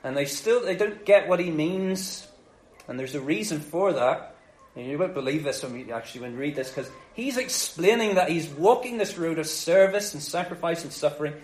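Jokey preacher man, high voice. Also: normal speed. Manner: lively, jokey retelling. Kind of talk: casual sermon storytelling. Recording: echoey room.

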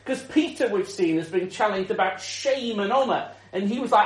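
An animated male preacher with a high-pitched voice, telling the story with chuckles and many restarts. His sermon rings out in a roomy, echoing space. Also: moderate pace.

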